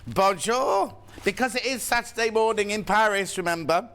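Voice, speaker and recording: Male shopping-channel presenter, slightly high voice, chatty and playful. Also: brisk, a bit bright, smooth. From United Kingdom. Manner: chatty, playful, reads viewer messages. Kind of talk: live TV sales presentation.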